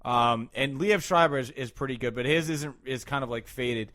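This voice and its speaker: A man with a Rhode Island accent, hosting a podcast in loose casual chat, animated and swearing freely. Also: medium pitch, normal speed, no echo, studio quality. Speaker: podcast host.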